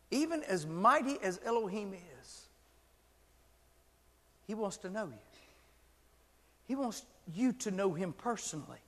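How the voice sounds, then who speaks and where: A man with a very high voice preaches a sermon, spinning a lively story and building to shouted, fervent emphasis. His voice carries a long reverb, as if it fills a big church sanctuary. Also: normal speed, pauses often. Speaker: pastor.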